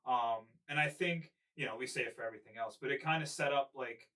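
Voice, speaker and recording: Man, bright voice, a bit far from the mic, casual podcast talk, lots of ums. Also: medium pitch, fast talker. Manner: relaxed, thinking aloud with many ums and likes. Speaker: podcast co-host.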